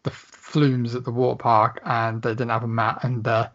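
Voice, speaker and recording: Man, around forty, podcast co-host, dry and teasing, mid-pitched, dull lo-fi audio. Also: little pitch movement, normal speed, fairly bright tone. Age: about 40. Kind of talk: casual chat.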